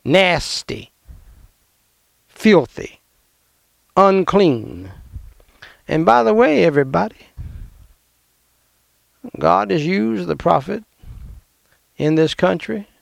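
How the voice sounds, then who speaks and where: A man preaching a fiery sermon as pastor, emphatic and confrontational, with sudden loud outbursts. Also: high-pitched, sing-song, slow pace, vocal fry, pauses often, no echo, studio quality.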